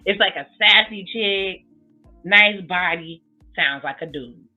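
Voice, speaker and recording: A woman's voice: mid-range voice, slow. Blunt, sassy woman on a tinny line. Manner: blunt, sassy, swears freely. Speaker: reality TV recap vlogger. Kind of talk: casual commentary. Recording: tinny phone-like sound with faint music.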